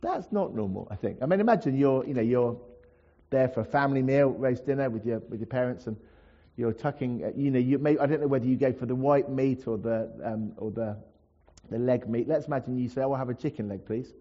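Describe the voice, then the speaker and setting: A man's voice: mid-range voice, brisk, dark tone, lo-fi sound. A man preaching a sermon to his congregation, in a conversational way with asides and everyday examples. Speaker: pastor. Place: church.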